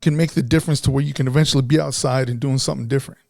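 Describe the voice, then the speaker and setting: A man's voice: medium pitch, fairly even intonation, racing, vocal fry, a little mellow, no echo, clean studio sound. A man co-hosting a podcast, talking in a blunt, frustrated way and swearing heavily in casual chat. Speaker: podcast co-host.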